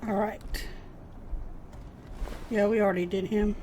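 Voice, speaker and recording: A woman giving casual, relaxed commentary while playing a video game. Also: mid-range voice, unhurried, soft background music. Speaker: streamer.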